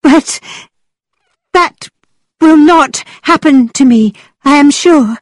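A woman puts on an excitable young heroine of a storybook, her voice leaping high and quavering with breathless nerves. She speaks close and dry, with no room around her. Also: a little slow, dry recording. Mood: trembling.

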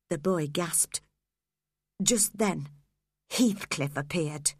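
Woman storybook narrator, slow and clear, bright tone, lively pitch. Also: no room sound, clean studio sound. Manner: clear, measured and expressive. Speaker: audiobook narrator.

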